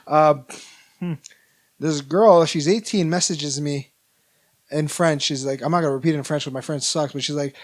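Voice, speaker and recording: Chatty young man, higher voice. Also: fairly even intonation, normal speed. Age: 20s. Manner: rambling storyteller, lots of "like" and restarts. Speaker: podcast co-host. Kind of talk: casual chat.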